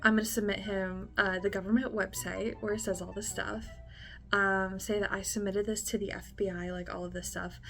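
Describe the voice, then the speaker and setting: A woman vlogging casually, often breaking into laughter and reading emails aloud slowly and dramatically. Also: medium pitch, level tone, vocal fry, a bit bright, soft background music. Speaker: scam-baiting vlogger. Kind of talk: casual vlog chat.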